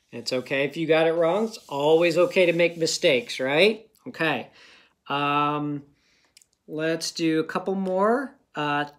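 A man's voice: a little high, fairly bright tone. A man teaching a phonics lesson to young children in a patient, encouraging manner.

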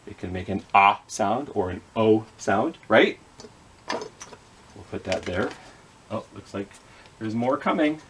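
A man's voice: fairly low pitch, takes it slowly, pauses often, slight background noise. A man leading a children's reading skit with puppets, patiently sounding out letters and words. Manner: gently apologetic with the puppets. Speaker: children's librarian.

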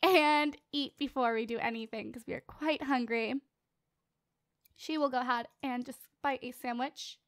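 A teenage girl with a bright, high voice talks her way through a game session in a loose, chatty style. She jokes with her viewers and keeps up a playful running commentary. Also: steady tone, moderate pace, dry recording, studio quality. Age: late teens. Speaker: let's play host. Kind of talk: casual gameplay commentary.

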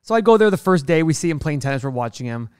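A young man co-hosting a podcast, telling animated, fast stories in casual chat, laughing often and swearing freely. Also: a little high, smooth, no room sound, clean studio sound. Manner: fast, animated storytelling, acting out quoted people. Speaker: podcast co-host, investor.

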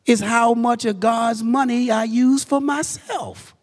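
A man preaching a sermon as pastor, telling a story and rising to shouted climaxes. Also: very high voice, takes it slowly. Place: large church sanctuary. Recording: long church reverb.

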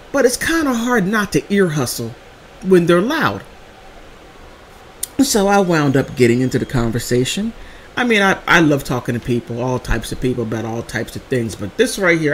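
A woman vlogger telling funny stories in a casual, animated way, laughing often between phrases. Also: extremely low pitch, a little hiss or hum. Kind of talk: casual storytelling vlog.

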